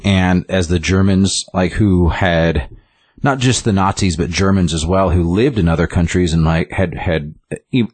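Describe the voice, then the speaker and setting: Male comic reviewer, deep, dry close sound, rambling casual chat. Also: unhurried, darkish tone, breathy edge, no echo. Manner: rambling, full of likes and ums.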